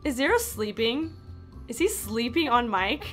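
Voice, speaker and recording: A woman streaming games in casual chat, excitable and exclaiming often, on a desk microphone. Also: a little high, a little slow, faint music behind. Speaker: game streamer. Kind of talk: casual gaming livestream chat.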